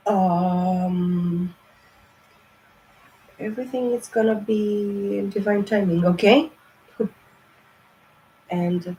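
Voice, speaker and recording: A woman's voice: medium pitch, dark tone, rough recording. A woman talks through a tarot reading in a loose, casual way, full of fillers and restarts. She is blunt and swears freely as she drives her points home. Faint ambient noise sits behind her voice. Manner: blunt, profane and emphatic; rambling, with many fillers. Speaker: tarot reader.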